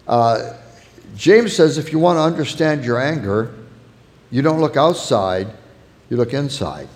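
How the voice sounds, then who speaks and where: A man's voice: mid-range voice, normal speed, darkish tone, long reverb tail. A man preaching a sermon earnestly, illustrating his points with acted-out everyday anecdotes. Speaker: pastor.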